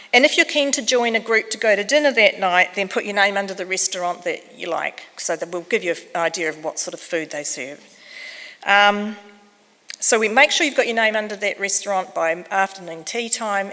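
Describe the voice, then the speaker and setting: A woman's voice: mid-range voice, moderate pace, sharp tone. A woman, a conference organizer giving chatty, self-deprecating housekeeping announcements with frequent ums. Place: conference hall. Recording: echoey hall with long reverb.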